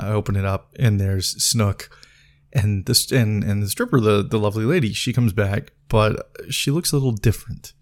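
A man with a mid-range voice tells a long, rambling story in casual podcast style. He restarts his sentences often, swears freely and breaks into laughter as he goes. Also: medium pitch. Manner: rambling anecdote, laughing, frequent restarts, profane. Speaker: podcast host.

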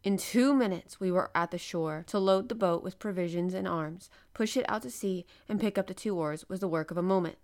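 A woman hosting a podcast, reading a classic novel aloud in a lively way and giving the dialogue voices. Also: fairly low pitch, brisk, hardly any pauses. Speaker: podcast host and reader.

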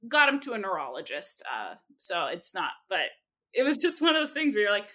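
A young adult woman, a speech therapist, telling stories in an animated, expressive way as a podcast guest. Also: mid-range voice, fairly quick. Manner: animated, expressive, jumps into quoted voices. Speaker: speech-language pathologist guest. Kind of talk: lively storytelling in a podcast interview.

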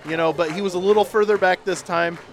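A man doing play-by-play commentary for a local high school football radio broadcast, chatty and rising with excitement on big plays. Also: fast. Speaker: play-by-play announcer. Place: outdoor stadium broadcast booth.

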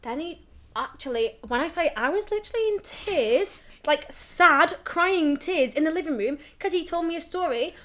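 A woman's voice: very high voice, normal speed. A woman co-hosting a podcast, chatting casually and acting out quotes as she tells a story. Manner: animated storytelling, acts out quotes. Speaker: podcast co-host. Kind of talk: casual chat.

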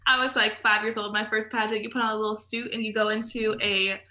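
Bright, chatty woman telling stories. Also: medium pitch, little pitch movement, fast. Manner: chatty, filler-heavy storytelling with frequent laughs. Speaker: podcast guest. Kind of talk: casual podcast chat.

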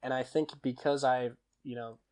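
Speaking at a normal speed in a mid-range male voice, this young podcast guest tells stories in a relaxed, conversational way. He's an animated storyteller who laughs, performs the lines he quotes, and meanders through fillers and corrections of himself.

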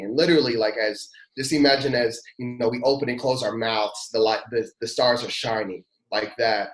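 A man's voice: mid-range voice, steady tone, normal speed, few pauses. A man, a pastor and podcast guest, tells a personal testimony in an earnest, heartfelt and casual way. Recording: roomy echo.

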